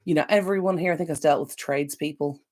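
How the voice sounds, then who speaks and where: An Irish woman with a notably deep, low voice talks casually on a live stream. She rambles, fills pauses and warmly answers her viewers' comments. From Ireland. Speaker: decluttering channel host.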